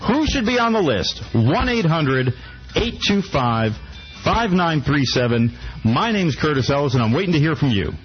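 A man's voice: on the high side, sing-song, moderate pace, soft background music. A man hosting talk radio, delivering a mock-earnest satirical rant full of stumbling restarts. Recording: muffled radio broadcast.

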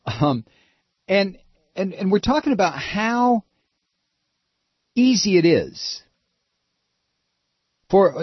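A man's voice: a little high, husky, no room sound. A middle-aged man hosting a political talk radio show, speaking in an impassioned, emphatic way with many restarts. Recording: dull, lo-fi radio audio.

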